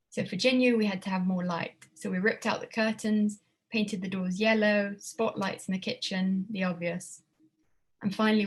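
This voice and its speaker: A woman voicing a friendly woman who shares her flat, explaining things plainly. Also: mid-range voice, lightly acted. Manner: matter-of-fact explaining.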